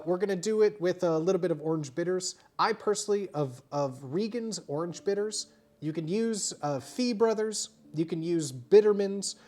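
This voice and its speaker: A woman's voice: low voice, darkish tone. A tipsy woman streaming live as a bartender, chatty and rambling with many fillers as she shows how to make a cocktail. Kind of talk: casual livestream cocktail demo. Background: faint music.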